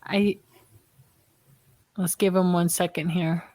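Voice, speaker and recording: A woman's voice: fairly low pitch, steady tone, slow, mellow, dry recording. A woman co-hosting a live online talk show, chatty and easygoing, laughing lightly as she steers the conversation. Her voice is dry and close, with nothing of the room behind it. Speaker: co-host. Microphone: video call.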